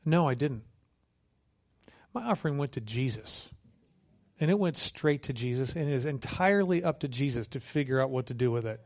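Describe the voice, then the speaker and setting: In this sermon, a man preaching as a missionary tells stories with humor and a conversational tone, acting out quotes with animation. He speaks at a moderate pace with a medium-pitched voice.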